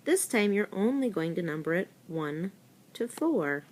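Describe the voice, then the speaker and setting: A woman teacher walks young children through a recorded spelling lesson. She speaks slowly and deliberately, in a voice of middling pitch, and spells each word out one letter at a time. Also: sing-song. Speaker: elementary school teacher.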